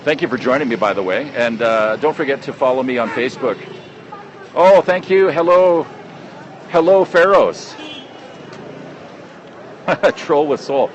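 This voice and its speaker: A man's voice: medium pitch, measured pace, long pauses, lo-fi sound. Canadian man livestreaming from a noisy street. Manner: rambling, many fillers and restarts, friendly. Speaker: travel vlogger livestreaming. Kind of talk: casual live street broadcast. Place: busy outdoor city square. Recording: street noise from traffic. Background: crowd and motorcycles.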